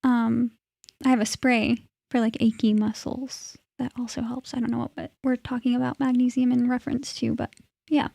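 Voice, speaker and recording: Woman, fairly high voice, gravelly fry, dry close sound, casual chatty co-host. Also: flat delivery, fairly quick, dark tone, no room sound. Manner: chatty, lots of "like", informal. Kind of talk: casual live-stream chat.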